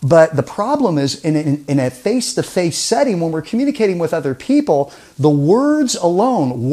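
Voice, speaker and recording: An animated man presenting a persuasion seminar in a fairly high voice that rises and falls a lot. He peppers the audience with rhetorical questions and drops to a near-whisper to make a point. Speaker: communication trainer.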